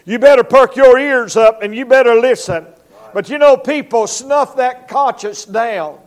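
A male evangelist with a drawl delivers a revival sermon in church. His voice sits very high, and he preaches emphatically, slipping into quick acted-out voices and sound effects. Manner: emphatic preaching, acts out voices and barking dog.

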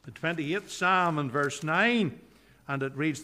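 A male pastor preaching a sermon in church, earnest, dropping low and soft on scripture quotes. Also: slow pace.

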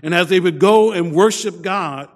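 A man preaching a sermon, often repeating his first words and dropping to a soft voice for emphasis. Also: high voice, normal speed, long reverb tail. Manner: repeats words at starts, soft dramatic drops.

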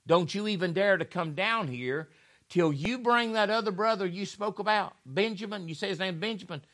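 A man's voice: sits high, normal speed, fairly bright tone, voice pushed up. A man preaching acts out a stern ruler threatening his brothers in a blunt, folksy way.

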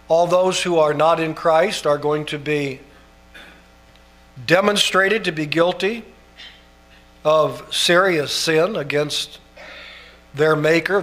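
Man, pastor, sermon, earnest and emphatic delivery, somewhat high-pitched voice. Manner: earnest, rises to emphatic near-shouting passages.

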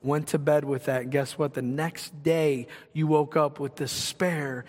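A man's voice: a little high, steady tone, measured pace, a little mellow. Man preaching in an echoing hall. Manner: conversational preaching with rising emphasis. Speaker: pastor. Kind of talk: sermon.

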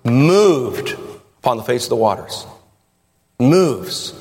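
Male pastor, animated sermon delivery full of rhetorical questions, reverberant sanctuary. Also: mid-range voice, slow pace. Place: church sanctuary. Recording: long reverb of a church hall. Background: congregation.

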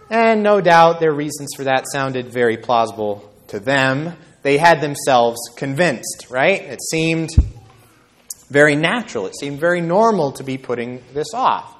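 A man's voice: on the high side, lively intonation, measured pace, a bit bright. A man preaching a sermon who reads from the Bible and talks conversationally, often checking in with the listeners by asking "right?". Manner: conversational, with frequent tag questions. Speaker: pastor.

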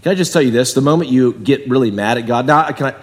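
A man preaching a sermon in a chatty way, jumping from loud emphatic bursts down to quiet asides. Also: mid-range voice, quick pace, in a large hall. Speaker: pastor.

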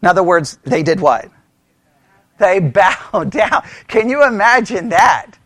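A man leading a Bible study, animated, laughing often and asking the group rhetorical questions. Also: high voice, slow pace, no echo.

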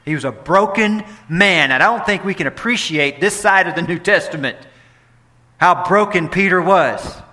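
A man preaching a sermon, moving between hushed, quiet lines and loud, animated bursts, with playful asides to the congregation. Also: high-pitched, normal speed. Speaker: pastor.

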